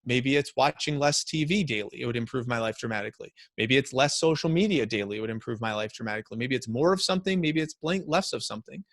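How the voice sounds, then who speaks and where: A man giving a motivational talk to a company's staff, energetic and repeating key phrases for emphasis. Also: mid-range voice, quick pace, few pauses, dry recording, studio quality. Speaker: motivational speaker.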